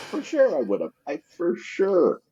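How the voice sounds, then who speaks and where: His voice is high, mellow and husky: a man guesting on a podcast, casually rambling through profane, filler-filled stories about his sales jobs. The podcast audio is dull and lo-fi.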